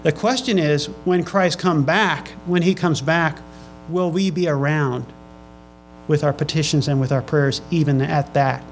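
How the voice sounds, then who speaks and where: Soft music plays behind a pastor with a slightly high voice as he gives a sermon to his congregation. He reads scripture slowly, then presses listeners with questions, frequently repeating and restarting phrases, and the recording is low quality.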